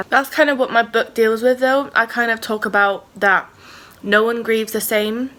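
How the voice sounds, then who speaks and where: Bright-voiced woman, candid vlogger. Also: medium pitch. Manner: candid, rambling, many fillers. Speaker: writer vlogger. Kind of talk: casual vlog talk.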